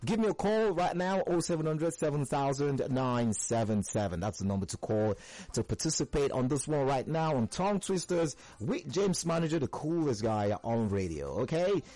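A young man hosting a call-in radio show, energetic and slangy, hyping up callers. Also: medium pitch, moderate pace, no echo. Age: young adult.

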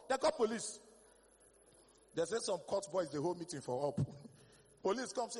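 A Nigerian man with a Nigerian accent doing a stand-up comedy set, telling stories in Pidgin-flavored English with sudden bursts of shouting. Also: sits high, big pitch swings, brisk, breathy edge, big-room sound.

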